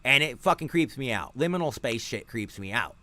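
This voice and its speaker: Profane ranting man, lively voice. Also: mid-range voice, brisk, dry recording. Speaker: podcast host. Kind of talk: casual ranting commentary.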